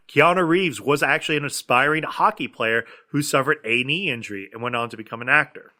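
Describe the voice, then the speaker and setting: A man's voice: mid-range voice, bright, forceful tone. A man co-hosting a casual movie podcast, talking with enthusiasm and many fillers while reading out trivia. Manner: enthusiastic, filler-heavy, reads trivia aloud. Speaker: podcast co-host.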